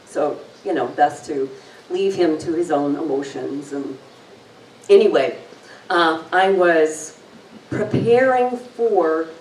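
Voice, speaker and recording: A woman who has lived long in New Zealand leads an intuition talk and relaxation session before an audience in a room. Her slightly low voice is slow, gentle, and unhurried, lingering on words. The echoey recording comes from a distant mic and carries a little hiss or hum.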